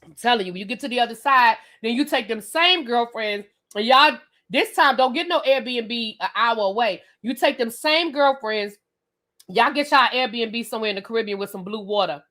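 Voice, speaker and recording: A woman's voice: on the high side, normal speed. A woman hosting a live reality-TV review stream on webcam, ranting bluntly and sassily straight at her viewers. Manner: animated, blunt and sassy, addresses viewers directly. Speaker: reviewer and channel host.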